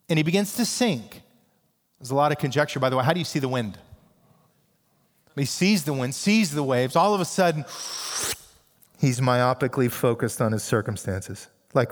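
A man's voice: a little high, expressive, normal speed, long reverb tail. A man pastor preaching a sermon in a conversational, emphatic way with casual asides.

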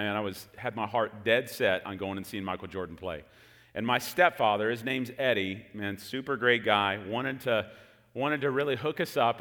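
A man in his forties, raised in Texas, preaching a sermon and telling a story with jokes to the congregation. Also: mid-range voice. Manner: animated storytelling with jokes to the room. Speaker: pastor. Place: large hall with an audience. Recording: long hall reverb.

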